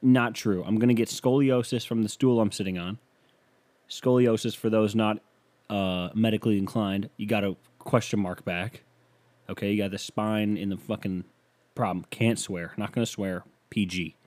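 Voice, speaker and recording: A man's voice: on the low side, steady tone, normal speed, a little mellow. A young man hosting a comedy podcast, telling rambling, self-mocking stories into a microphone. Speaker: podcast host. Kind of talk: comedic solo podcast monologue. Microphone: studio microphone.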